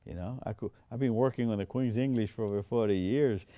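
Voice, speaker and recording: A man's voice: lowish voice, fairly quick, dry recording, muffled recording. An older man with a Spanish accent and Spanish as his first language, a veteran telling stories in an interview with many restarts. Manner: recounts stories with quoted dialogue, frequent restarts. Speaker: Air Force veteran interviewee. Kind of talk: interview storytelling. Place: interview studio.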